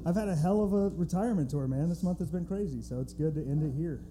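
A man appearing as a wrestler guest on a live podcast, joking in a mock-dramatic, deadpan way. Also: fairly high pitch, fast, crowd noise. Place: theatre stage before a live audience.

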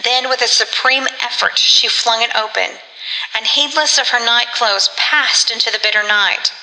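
Bright-voiced woman reading a gothic tale. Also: a little high, moderate pace, long reverb tail, low-quality recording. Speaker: audiobook narrator. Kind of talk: scripted narration of a gothic story.

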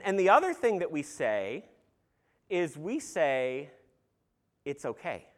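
A man's voice: a little high, a bit bright. A man preaching an earnest sermon in a conversational way, with casual fillers and some humor. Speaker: pastor.

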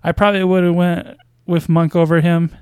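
A man's voice: fairly high pitch, flat delivery, moderate pace, darkish tone, clear, resonant tone, no room sound. A man casually commenting on basketball news as a podcast host, with a hesitant, wry delivery full of fillers and small chuckles.

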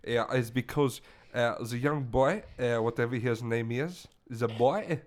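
A man voicing a touchy, washed-up French caller with a put-on French accent and halting, indignant broken English in a comedic call-in bit. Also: medium pitch, lightly acted.

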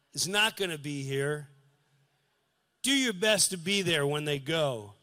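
A male comedian on a live stage, telling a story with earnest, preachy passion and acting out scenes with sudden shouts. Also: on the high side. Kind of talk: stand-up comedy.

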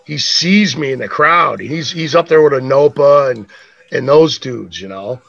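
A podcast co-host with a creaky, mid-range voice tells a rowdy story at an unhurried pace, and the audio sounds dull. He swears freely and animatedly acts out the voices of the people involved.

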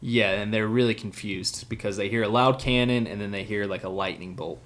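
On a casual podcast, a male co-host with a lowish, fairly bright voice bluntly recaps an anime episode. He jokes throughout and drops quick asides imitating the characters.

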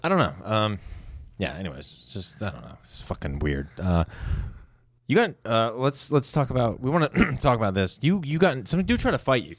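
A man's voice: medium pitch, very animated, normal speed, no room sound. A man chatting loosely on a podcast, joking and reacting with profanity. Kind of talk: casual chat.

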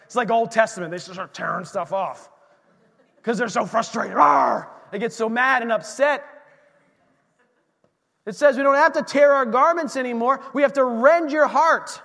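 A man preaching a sermon as pastor, animated, swinging from shouts to hushed asides. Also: very high-pitched, normal speed, long pauses, big-room sound.

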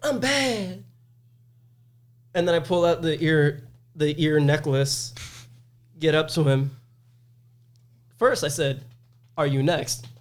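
A man's voice: takes it slowly, pauses often. A man co-hosting a podcast, telling stories in casual chat and acting out the people he quotes. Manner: animated, acts out quotes in a high voice. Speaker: podcast co-host.

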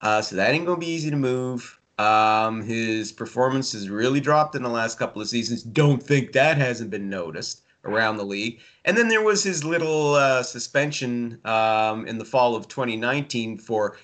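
A man's voice: medium pitch, animated, moderate pace, hardly any pauses, fairly bright tone. A man, a hockey writer, chatting casually about hockey with dry sarcasm and many fillers. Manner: sardonic, rambling, many fillers. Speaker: hockey writer and podcast regular. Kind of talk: casual sports chat.

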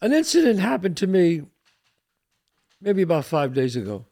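A man's voice: high-pitched, wildly swooping pitch, normal speed, dark tone. An older man hosting a talk show, telling a personal story in a casual, streetwise way, full of asides to his co-host. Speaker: podcast host.

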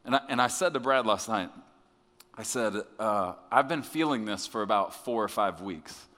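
A male pastor preaching a sermon in a conversational way, with restarts, swinging from quiet confiding passages to loud emphatic ones. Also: lowish voice, lively intonation, moderate pace, in a large hall.

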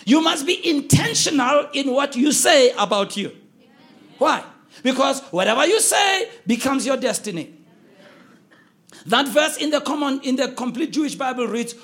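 A man preaching a sermon, with emphatic call-and-response delivery and shouted key lines. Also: very high-pitched, vocal fry.

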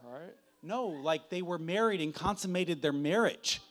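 A man preaching a sermon in a dramatic, chatty way, swinging from hushed to loud. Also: fairly high pitch, unhurried, slight background noise. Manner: conversational, uses "like" often.

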